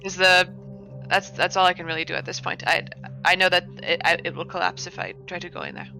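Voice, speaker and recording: A woman with a lowish, bright voice thinks aloud as she plans her turn. She speaks with care and some hesitation, with music faintly in the background. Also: fairly even intonation, fast talker, gravelly. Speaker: player. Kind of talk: tabletop game play, describing actions.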